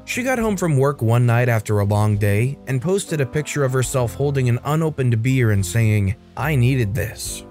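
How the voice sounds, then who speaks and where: A man's voice: medium pitch, expressive, normal speed, few pauses, darkish tone. A man narrating Reddit stories as a scripted read, adding his own comments between them. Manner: reads stories aloud with brief commentary. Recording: faint music behind.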